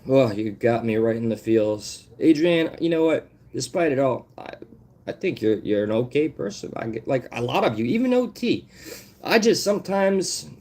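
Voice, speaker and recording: A man's voice: medium pitch, dark tone. A man ranting on a live stream, swearing often and calling out viewers by name. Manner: profane, confrontational, calls out viewers by name. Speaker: livestreamer.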